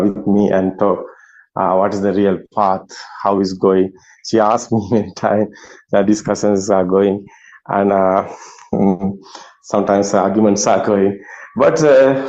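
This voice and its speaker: A man who is not a native English speaker hosts an online Buddhist meeting, talking haltingly with many fillers and laughs. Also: on the low side, darkish tone. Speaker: meeting host. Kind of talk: casual online meeting talk. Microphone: video call. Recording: slightly dull video call audio.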